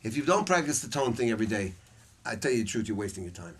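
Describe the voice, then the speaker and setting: A man's voice: on the low side, sing-song, fast talker, fairly bright tone, a little hiss or hum. A man teaching a saxophone masterclass to students in a music store, telling stories bluntly and swearing freely. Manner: blunt, profane, storytelling.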